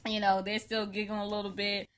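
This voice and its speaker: A woman co-hosting a podcast, telling a story in a lively, animated way, laughing often and acting out what people said. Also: mid-range voice, fairly quick. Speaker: podcast co-host. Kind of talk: casual storytelling chat.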